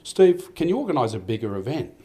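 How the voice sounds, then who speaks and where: A man's voice: mid-range voice, sing-song, quick pace, dark tone. An older Australian man giving a rambling, heartfelt speech at a farmers' awards night, with many restarts. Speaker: event organiser giving a speech. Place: event hall.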